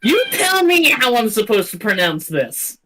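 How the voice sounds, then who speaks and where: A game master chatting casually with players at a tabletop game, animated and swearing freely. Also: medium pitch, unhurried, crowd noise, low-quality recording.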